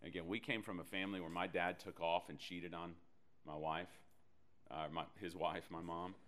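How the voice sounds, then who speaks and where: Man, very low voice, pastor, sermon storytelling, animated, self-deprecating humor. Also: normal speed.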